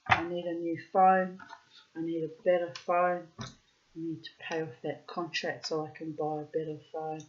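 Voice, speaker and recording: A woman's voice: low voice, monotone, moderate pace. Blunt, foul-mouthed woman. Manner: blunt, profane, chatty. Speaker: reader and vlogger. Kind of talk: casual rambling storytelling. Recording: dull lo-fi recording.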